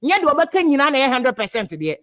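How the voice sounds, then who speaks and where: A woman with a Ghanaian accent delivers passionate political commentary, moving between English and Twi and repeating words for emphasis. Her voice is high, very animated, and brisk, with a fairly bright tone.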